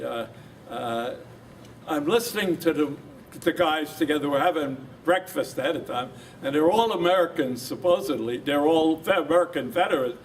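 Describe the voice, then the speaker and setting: Elderly veteran telling a lively story. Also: male voice, fairly high pitch. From New Jersey. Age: older. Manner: lively storyteller, acts out quoted voices. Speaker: war veteran. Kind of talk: telling a war story at a reunion. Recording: distant mic with background noise.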